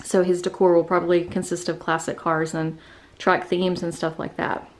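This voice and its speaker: Walking through her new house indoors, a woman vlogger gives a casual tour, full of fillers and a bit out of breath. Her voice is on the low side with little pitch movement, at a normal speed, and there's a slight hiss or hum.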